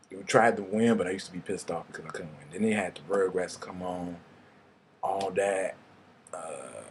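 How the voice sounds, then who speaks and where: A man's voice: sits low, slight background noise. A young man, telling rambling, casual stories and swearing freely in a vlog. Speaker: vlogger. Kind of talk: casual storytelling monologue.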